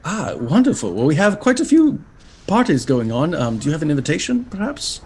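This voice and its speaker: A flustered little imp scholar, as a man puts him on, stumbling over his words in a higher, gravelly voice with a fussy politeness. He tumbles through apologies and offers of help in a tabletop game. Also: wildly swooping pitch, brisk, a little mellow, exaggerated voice. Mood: fussy helpful. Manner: stammering, flustered, overly polite. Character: small nervous bumbling male imp professor.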